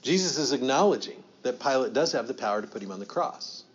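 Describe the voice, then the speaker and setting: A man's voice: mid-range voice, lively intonation, fast, dull audio. A man teaching a Bible study as a pastor, asking the group questions and acting out quoted lines with rising emphasis.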